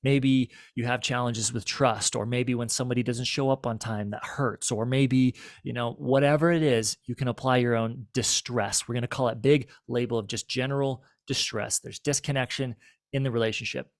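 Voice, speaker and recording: A man's voice: mid-range voice, fairly even intonation, normal speed, no room sound, studio quality. A man, a marriage and family therapist, giving a conversational teaching talk that often checks in with listeners.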